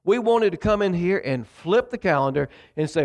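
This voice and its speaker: A man preaches a sermon, slipping into a conversational storyteller's tone with dramatic pauses. His voice sits a little high for a man and has a gravelly edge. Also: animated, darkish tone. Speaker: pastor.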